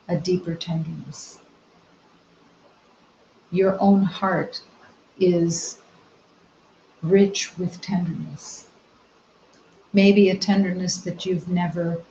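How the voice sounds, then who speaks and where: A woman spiritual teacher giving a meditative talk, soft-spoken and gentle, with long reflective pauses. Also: on the low side, slight background noise. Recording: roomy, slightly dull recording.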